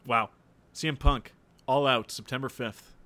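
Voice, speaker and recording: A man casually commenting on a wrestling show with a friend, relaxed, with dry jokes and trailing asides. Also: mid-range voice, a little slow. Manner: relaxed, laid-back, mumbles and restarts, dry jokes.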